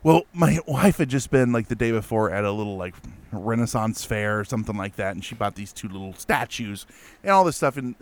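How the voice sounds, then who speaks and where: Man, mid pitch, smooth clear voice, dry close sound; animated casual storyteller. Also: fairly quick, no room sound. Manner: animated, lots of fillers and restarts. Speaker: guest telling a ghost story.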